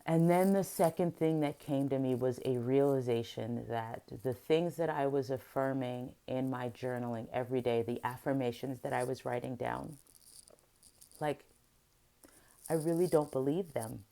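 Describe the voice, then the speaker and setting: Venting on her confessional vlog, a middle-aged vlogger and therapist recounts something upsetting, emotional and full of restarts. Her very deep voice has a warm tone and moves at normal speed.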